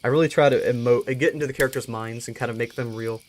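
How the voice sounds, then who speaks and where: Guy wrapping up his stream, earnest and thankful, trips over his words a lot, average pitch. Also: fairly even intonation, fast talker, darkish tone, a little hiss or hum. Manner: earnest and thankful, with frequent restarts and repeated words. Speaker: streamer hosting a live stream. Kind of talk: casual live-stream sign-off.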